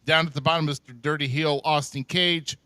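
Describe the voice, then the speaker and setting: Man, podcast host, bright tense tone, smooth clear voice, rambling. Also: on the high side, fairly quick, no room sound. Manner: animated, rambling with many fillers. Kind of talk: live podcast chat. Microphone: headphones and desk mic.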